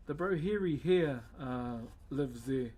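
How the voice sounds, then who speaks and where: A man's voice: medium pitch, animated, slow pace, darkish tone, a little hiss or hum. A man who carves wood on a live stream, chatting in a laid-back way and calling viewers "bro". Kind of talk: casual live-stream chat.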